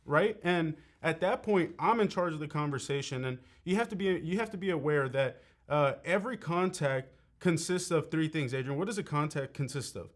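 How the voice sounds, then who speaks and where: A man's voice: on the high side, lively intonation, normal speed, hardly any pauses. A young man giving a sales training lesson in a conversational way, often checking in with "right?". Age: young adult. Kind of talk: coaching talk.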